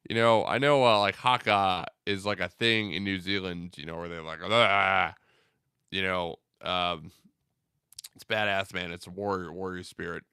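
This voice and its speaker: A man's voice: sits low, steady tone, normal speed, bright, forceful tone, clean tone, dry recording, clean studio sound. A young man hosting a casual livestream, reading out viewer comments in a loose, rambling way with many fillers. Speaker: livestream host.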